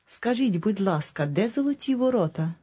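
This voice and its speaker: A woman giving model phrases in a language course, with careful, deliberate pronunciation for repetition. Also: mid-range voice, lively intonation, dark tone, breathy edge.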